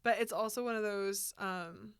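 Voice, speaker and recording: A woman co-hosting a casual podcast, talking in animated, rambling bursts. Her voice is smooth and clear. The sound is dry and close, with no room in it. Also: mid-range voice, moderate pace, no room sound. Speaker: podcast co-host. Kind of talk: casual chat about a film.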